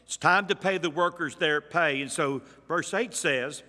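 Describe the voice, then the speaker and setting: A man's voice: fairly high pitch, measured pace, pushed and bright, long reverb tail. A male pastor preaching a sermon, teaching verse by verse with emphatic points and rhetorical questions.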